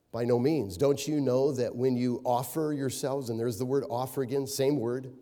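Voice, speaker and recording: A man's voice: medium pitch, warm tone. A middle-aged man preaching a sermon, hammering key words through repetition and breaking into anecdotes with a chuckle. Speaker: pastor. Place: church sanctuary. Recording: long reverberant hall.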